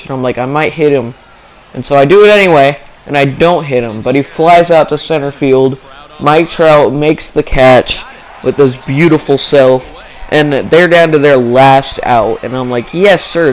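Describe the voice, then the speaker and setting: A man's voice: on the high side, rough recording. A young man giving casual, playful commentary over his own gameplay, acting out his thoughts in mock-dramatic asides.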